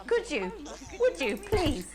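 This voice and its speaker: A woman's voice: high-pitched, huge pitch swings, takes it slowly, exaggerated voice. A woman playing a polished TV news anchor whose sign-off turns creepily intimate, with a posh voice. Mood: obsessive. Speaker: news presenter. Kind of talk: live broadcast sign-off, in character.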